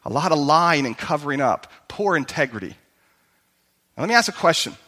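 Bright-voiced pastor preaching. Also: male voice, a little high, expressive, a little fast, big-room sound. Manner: conversational storytelling, calls to the congregation. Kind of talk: sermon.

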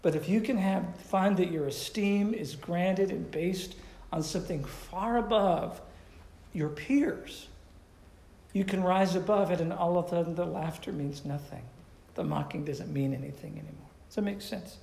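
A man delivers a sermon in a conversational, questioning way. His voice is slightly high and gravelly. The room around him is echoey. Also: normal speed, mellow. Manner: conversational preaching, asks the audience questions. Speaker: pastor.

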